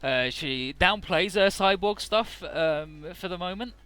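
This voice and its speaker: A man's voice: high-pitched, expressive, unhurried, sharp tone, clean tone. A man narrating a video game in a casual, profane style, loosely paraphrasing the dialogue. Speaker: let's play narrator.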